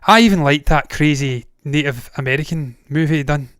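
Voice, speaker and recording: He's a Glaswegian-accented Scot hosting a movie news show, his voice on the high side, fairly quick, a bit bright, and clear with resonance. The studio-quality recording has no room sound, and his casual, opinionated rants feature blunt swearing and frequent digressions.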